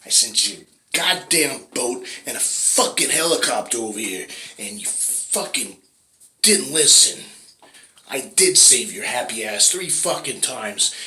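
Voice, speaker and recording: A man's voice: mid-range voice, lively intonation, a little slow, pitched above the performer's own voice. Man doing a furious cursing God. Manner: shouting, cursing, exasperated. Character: furious God scolding a foolish believer. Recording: echoey room with faint noise.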